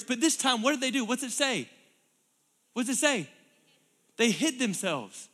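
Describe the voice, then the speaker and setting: A man preaching a sermon as a pastor, animated storytelling that acts out the scene. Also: very high-pitched, moderate pace. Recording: long hall reverb.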